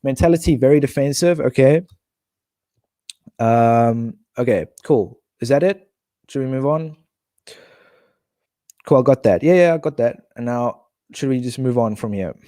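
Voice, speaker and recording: A man from South Africa chatting casually on a live stream, thinking out loud and reading viewers' comments aloud. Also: medium pitch, unhurried, long pauses, no room sound, clean studio sound.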